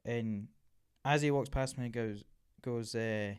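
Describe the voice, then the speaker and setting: A man's voice: mid-range voice, unhurried, smooth. Scottish man telling stories. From Scotland. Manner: animated storyteller, swears casually. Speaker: podcast co-host. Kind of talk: casual chat.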